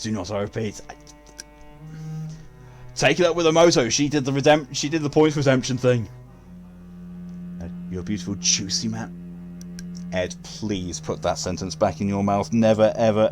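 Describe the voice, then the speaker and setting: A man streaming a video game, chatting casually with his viewers, joking, swearing freely and laughing often. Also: fairly low pitch. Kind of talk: casual gaming stream chat.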